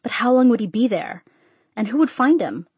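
A woman narrating a short story in an even, measured audiobook reading. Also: fairly high pitch, slightly rough, dry recording.

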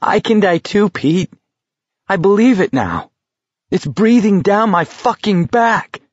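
A frightened teenage boy, worn down and close to breaking, as a male narrator reads him. His low, gravelly voice strains and rises under pressure. The recording is dull and lo-fi. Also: fairly even intonation, measured pace, no echo, heavily acted. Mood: panicky. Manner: panicky, rising to shouts. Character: frightened teenage boy on a deadly long walk.

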